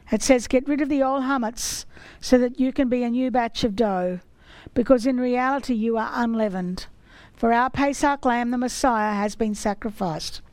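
A woman giving a sermon, reading scripture in a slow, measured way. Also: on the high side, darkish tone, no echo, rough recording. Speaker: teacher of scripture.

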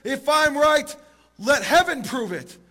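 Guy doing a desperate old rabbi-sage yelling high and slow for a sign. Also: sing-song, full character voice. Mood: pleading. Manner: high, loud, drawn-out calls. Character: desperate old sage, male, pleading for proof.

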